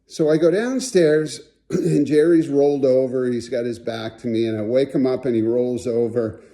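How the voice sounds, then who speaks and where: A man's voice: mid-range voice, moderate pace. A man telling funny stories about a late friend, acting out the voices in his anecdotes. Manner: folksy, animated storyteller acting out quotes. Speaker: friend giving a tribute. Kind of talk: storytelling tribute.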